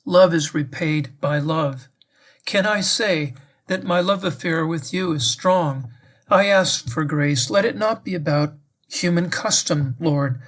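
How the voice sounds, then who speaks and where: Man, slightly higher voice, prayerful meditation, reflective, questioning, speaks to the Lord. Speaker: priest giving a meditation.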